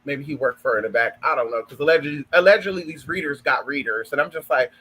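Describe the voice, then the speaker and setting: A man's voice: fairly high pitch, fast, few pauses, pushed and bright, breathy edge, rough recording. A man in a sassy, flamboyant, profane casual gossip vlog, calling listeners honey and girl. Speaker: spiritual content creator.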